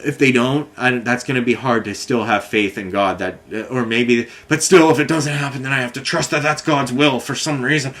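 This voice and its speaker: A man's voice: mid-range voice, moderate pace, hardly any pauses, fairly bright tone. A man angrily recounting a billing dispute in a repetitive, swearing personal rant.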